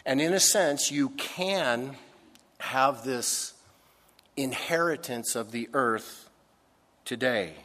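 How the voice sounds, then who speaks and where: A man preaching a sermon, slow and emphatic, swinging between loud stressed phrases and soft, low asides. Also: long reverb tail. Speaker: pastor.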